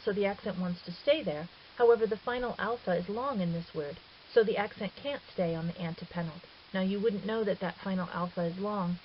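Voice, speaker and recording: Lower-voiced woman teaching a lesson. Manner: patient, methodical, with occasional fillers and self-corrections. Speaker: Greek teacher. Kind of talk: explanatory lesson voice-over. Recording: dull lo-fi recording with faint hiss.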